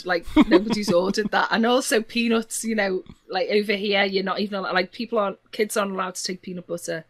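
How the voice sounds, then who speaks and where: A woman from Liverpool with a Liverpool accent, telling stories in casual chat, laughing often and swooping up in pitch. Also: fairly quick. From Liverpool, England. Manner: animated storyteller, laughs often, voice swoops high in anecdotes.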